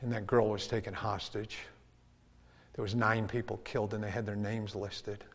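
A man preaching a testimony sermon, swinging between loud preaching and hushed storytelling. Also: fairly low pitch, level tone, normal speed. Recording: reverberant hall.

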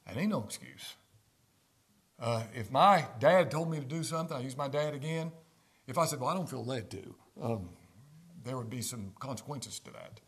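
Male preacher, mid-range voice, fervent sermon delivery with sharp swings between loud emphasis and hushed asides. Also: mid-range voice, animated, normal speed, slightly rough. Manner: rhetorical questions, King James quotations.

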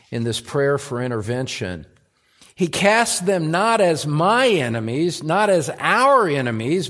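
A man preaching an expository sermon at a Bible study, deliberate and emphatic, pressing hard on key phrases. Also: on the high side. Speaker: pastor. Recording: long hall reverb.

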